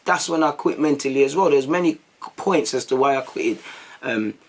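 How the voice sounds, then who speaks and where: A young man, a vlogger telling stories to his viewers in a casual, animated way, full of slang and acted-out quotes. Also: mid-range voice, normal speed. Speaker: YouTube vlogger.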